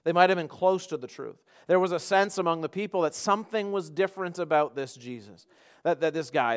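Male preacher, high and clear-voiced, emphatic, repeats himself mid-thought. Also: a little fast. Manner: emphatic preaching, rising loud then dropping to quiet; repeats and restarts words. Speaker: pastor. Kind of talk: sermon.

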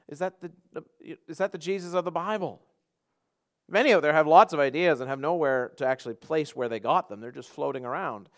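A male pastor preaching a sermon, emphatic, swinging from loud passages to quiet ones, often repeating and restarting words. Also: fairly high pitch.

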